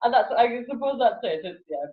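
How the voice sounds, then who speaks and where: A woman's voice: on the high side, expressive, a little fast. A woman, a guest in a casual interview chat who laughs often and acts out voices animatedly. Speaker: guest, laughter yoga teacher. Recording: echoey, phone-like lo-fi audio.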